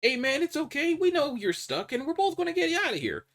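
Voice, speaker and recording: A man's voice: very high-pitched, very animated, fast talker, a bit bright, voice pushed up, full character voice. A man voicing a friendly young male prisoner, casual and encouraging as he talks a trapped man through it. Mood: reassuring.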